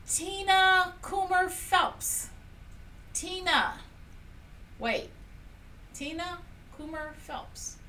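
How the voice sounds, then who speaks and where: Bright and pushed, her high voice carries as she hosts a casual painting livestream, picking prize winners and laughing often while chatting cheerfully with viewers. She's a bit distant from the mic, and some faint room noise comes through.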